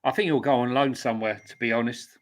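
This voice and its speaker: A man's voice: medium pitch, fast. A man co-hosting a casual football podcast in a chatty, self-mocking way. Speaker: podcast co-host.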